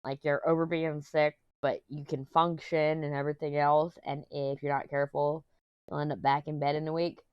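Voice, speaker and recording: A woman's voice: low-pitched, level tone, moderate pace, smooth, dry recording, highs cut off. A woman vlogging from her home office, talking in a rambling, chatty way while getting over an illness that has left her throat sore. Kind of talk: casual chat.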